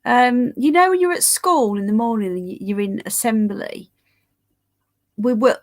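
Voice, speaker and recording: A woman's voice: on the high side, moderate pace. Tired, chatty woman livestreaming. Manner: chatty, rambling, swears casually, greets viewers by name. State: tired and yawning. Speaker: livestream host reading live chat. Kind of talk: casual livestream chat.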